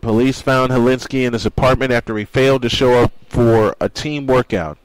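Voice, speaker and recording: Guy on sports talk radio, earnest monologue, dry close studio mic, middle pitch. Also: steady tone, brisk, dry recording, low-quality recording. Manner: earnest, reading quotes aloud then speaking from the heart.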